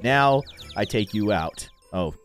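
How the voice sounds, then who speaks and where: Animated man doing game commentary. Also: on the low side, slow, soft background music. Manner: animated, joking, mock-annoyed. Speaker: gaming video host. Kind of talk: playful gameplay commentary.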